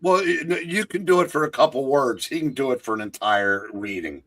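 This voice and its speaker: Husky-voiced man in wry banter. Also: mid-range voice, a little fast, fairly bright tone. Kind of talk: casual chat.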